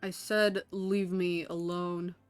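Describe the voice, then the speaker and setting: A woman voicing a gruff, grumpy male echidna with a put-on Southern drawl while reading game dialogue aloud. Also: on the low side, level tone, takes it slowly, faint music behind. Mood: curt. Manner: curt, drawling cowboy talk.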